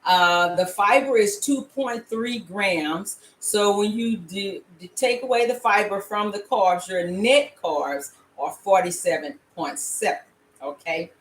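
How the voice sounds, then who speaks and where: A woman's voice: mid-range voice, slow, echoey room, slight background noise. An older woman hosting a home cooking show, talking casually and playfully with viewers, checking in with them often. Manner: chatty, playful, frequent laughs and "all right?" check-ins. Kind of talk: casual recipe demonstration. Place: home kitchen. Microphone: laptop camera.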